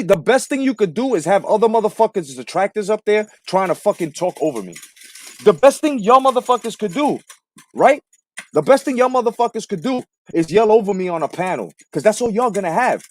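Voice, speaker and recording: A man with a fairly high, wildly animated voice rants combatively, swearing and hammering his points with repetition. The sound is close and dry, with almost no room. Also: no room sound. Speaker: boxing commentary host. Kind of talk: profane live-stream rant.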